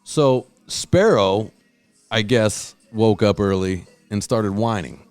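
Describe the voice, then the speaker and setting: A man hosting a podcast, telling stories in casual chat, swearing a lot and loudly acting out what people said. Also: on the low side, takes it slowly, no echo, soft background music. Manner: profane, storytelling, acts out quotes loudly. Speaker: podcast host.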